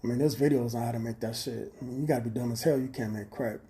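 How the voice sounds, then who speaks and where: A man talks straight into his phone on a livestream. His voice is mellow and dark-toned. He rambles bluntly and swears freely in a streetwise way. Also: mid-range voice, fairly even intonation, fast talker. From Chicago. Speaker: livestream host. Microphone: phone camera.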